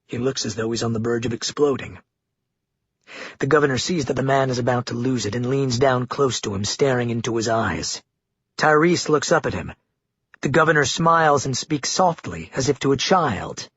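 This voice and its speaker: Male audiobook narrator, husky and measured, dull dry lo-fi take. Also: medium pitch, a bit bright, no echo. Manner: measured, dramatic reading.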